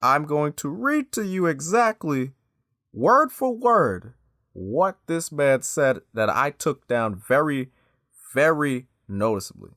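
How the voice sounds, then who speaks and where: Animated guy breaking things down for his viewers, emphatic, dry close sound. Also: fairly high pitch, slow pace, dry recording. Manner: emphatic, talks straight to viewers. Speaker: YouTube commentator. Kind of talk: casual commentary.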